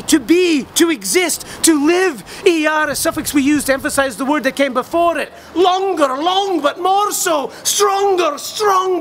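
An actor playing a rambling middle-aged drunk, ranting mock-profound comic wisdom. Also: male voice, very high voice, a bit bright, slight background noise, heavily acted. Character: boozy rambling middle-aged male pub philosopher. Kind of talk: comic monologue.

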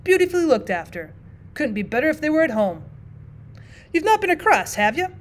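A woman's voice: high-pitched, big pitch swings, a little fast, pitched above the performer's own voice. A woman voicing a feeble, tearful old man who pipes and quavers in a thin voice as he chats on. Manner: piping, quavering.

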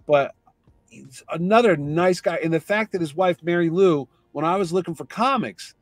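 A man telling a lively anecdote in casual conversation, acting out the voices of the people in his story. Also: fairly high pitch, moderate pace, no room sound. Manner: animated anecdote teller, acts out voices in quotes. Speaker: comic convention organizer.

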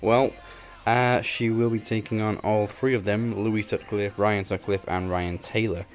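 A man's voice: lowish voice, flat delivery, a little slow. A man hosting a podcast, chatting casually and reading show announcements with wry, jokey asides. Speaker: podcast host.

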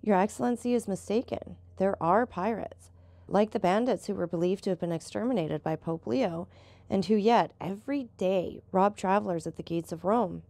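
A woman voicing a calm, seasoned male boat captain who patiently explains things. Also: medium pitch, moderate pace, no room sound, close to an everyday voice.

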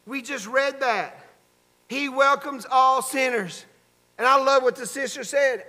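A man's voice: very high voice, lively intonation, slow pace, long pauses, pushed and bright. A man preaching a fervent sermon, calling out to the congregation for amens in a church sanctuary. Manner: fervent preaching with call-and-response. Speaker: pastor. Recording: long church hall reverb.

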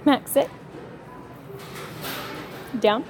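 Her tone is darkish and her words drawn out as this young woman vlogs casually with her service dog over soft background music and some noise. Switching between sing-song baby talk and brief commands, she addresses the dog.

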